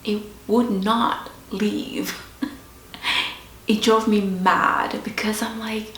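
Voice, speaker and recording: A woman host sharing a personal story in a slow, reflective, confessional way. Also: mid-range voice, fairly even intonation, fairly bright tone. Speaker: podcast host. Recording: roomy echo with faint background hiss.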